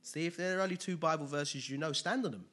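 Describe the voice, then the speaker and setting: A man preaching a sermon in a conversational way, dropping to quiet asides and rising to loud emphatic bursts. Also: a little high, fast talker.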